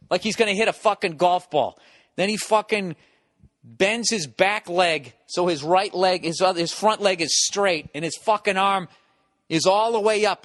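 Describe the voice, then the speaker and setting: An American comedy podcast host delivers a casual monologue, a rambling, profane story where he acts out bits. His voice sits high with a fairly bright tone, recorded dry with clean studio sound.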